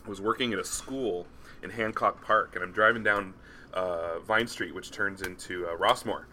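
A middle-aged man co-hosting a casual podcast, an animated storyteller who acts out the people he quotes. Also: sits low, normal speed, a little hiss or hum. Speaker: podcast co-host. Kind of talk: casual chat.

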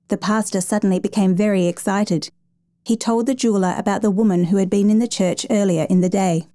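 A woman reading a story aloud in a measured, gentle storytelling manner. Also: medium pitch, steady tone, dry recording. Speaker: narrator. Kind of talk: scripted story narration.

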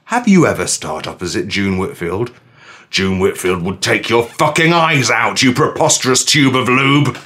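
Guy doing a snooty has-been voice actor yelling at a cabbie, boastful and rude, voice swinging all over. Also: mid-range voice, expressive, normal speed, natural voice. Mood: haughty. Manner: haughty, insulting, boastful. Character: pompous rude washed-up male voice actor in a cab. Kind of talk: improvised comedy bit.

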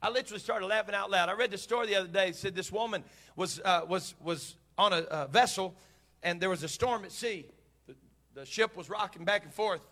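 A man preaching a sermon as pastor, impassioned and building to shouted climaxes. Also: high-pitched, a little fast.

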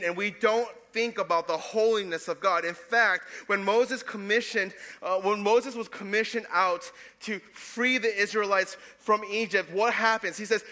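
Man, pastor, sermon, bright tone, a little high, loud then quiet delivery. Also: moderate pace, long reverb tail. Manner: swings between loud emphatic passages and soft hushed ones.

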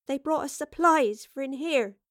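Timid young woman survivor, read by a woman, uneasy, colloquial speech, higher voice. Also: moderate pace, a bit bright, no echo, studio quality.

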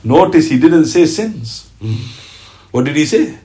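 Male lecturer, fairly high voice, lively storyteller who acts out quotes, sermon delivery. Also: unhurried, pauses often, rough recording. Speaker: Islamic teacher. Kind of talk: religious lecture.

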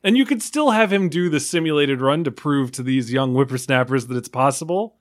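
A man's voice: medium pitch, lively intonation, brisk. A man on a film podcast who rants in a casual, rambling way with frequent swearing.

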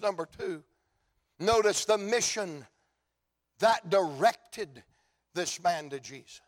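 A man's voice: high-pitched, a bit bright. A man preaching a sermon in church with a fervent, repetitive cadence. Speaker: pastor.

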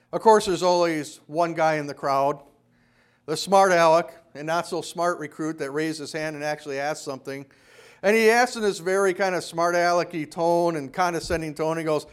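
A man preaching a sermon, telling a story from his own time in the army and lowering his voice to quote a drill sergeant. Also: fairly even intonation, moderate pace, clean tone. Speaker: pastor.

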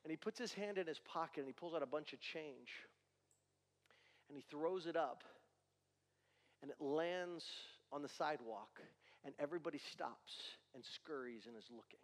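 High-voiced man preaching in a hall. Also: normal speed. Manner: emphatic preaching with repeated rhetorical questions. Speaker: pastor. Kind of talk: sermon.

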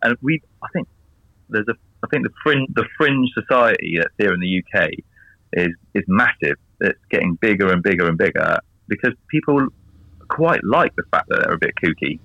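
English guy, rambling guest chat, bright forceful voice, dull dry line. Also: on the low side, lively intonation, normal speed, vocal fry, no room sound. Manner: rambling, laughs at his own jokes. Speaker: guest on a video call. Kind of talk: casual chat.

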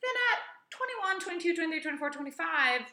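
A woman's voice: very high voice, expressive, fast, bright, forceful tone, reverberant. A woman in her thirties co-hosting a casual chat, talking things through and reading aloud from a website. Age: 30s. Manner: chatty, reads aloud from a website. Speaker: podcast co-host.

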